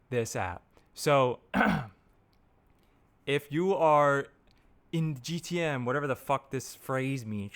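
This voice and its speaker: A man's voice: mid-range voice, fairly bright tone, clear, resonant tone. A man in marketing ranting casually to camera, rambling and restarting his sentences with a lot of swearing. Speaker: marketer reviewing software. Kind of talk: casual unscripted rant to camera.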